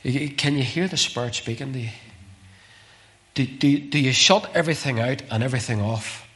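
A man preaching a sermon with passion, repeating phrases and swinging from urgent calls to hushed, near-whispered lines. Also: medium pitch, normal speed.

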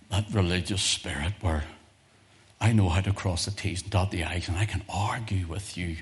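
A lower-pitched male preacher delivering a sermon. He talks in a homely, conversational way and repeats key phrases. Then his voice swells to loud, fervent climaxes before it drops back to quiet asides.

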